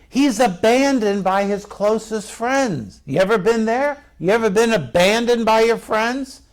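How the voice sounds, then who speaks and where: Middle-aged male pastor, gravelly, higher pitch, chatty sermon delivery. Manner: conversational preaching with rhetorical questions to the congregation.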